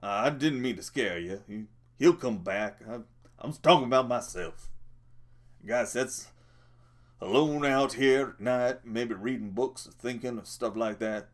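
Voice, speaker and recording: A man's voice: medium pitch, a little slow, natural voice. A man voicing a lonely, bitter older stable hand who drawls in stammered rural speech. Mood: brooding.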